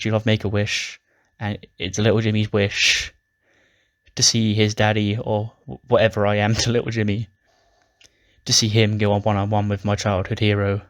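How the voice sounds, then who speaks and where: A man voicing a goofy, starstruck male wrestler who talks in an eager, pleading ramble, in a low, flat voice. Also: no echo, studio quality, lightly acted.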